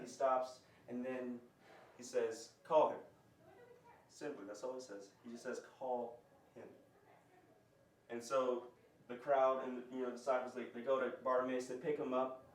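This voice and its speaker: A man's voice: mid-range voice, fairly even intonation, moderate pace, a little hiss or hum. A man teaching a conversational bible lesson, explaining and asking his group questions. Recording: roomy, distant mic.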